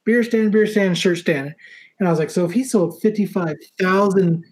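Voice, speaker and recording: A married man casually telling a story on a podcast, animated, swearing freely and laughing often. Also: high-pitched, moderate pace. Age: adult, married.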